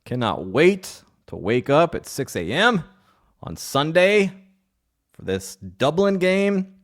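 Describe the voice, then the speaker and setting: A man of middle pitch hosts a podcast in a loose, jokey monologue. He wanders into playful rants and asides, and his voice swoops up and down with lively intonation. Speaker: podcast host. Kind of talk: casual joking monologue.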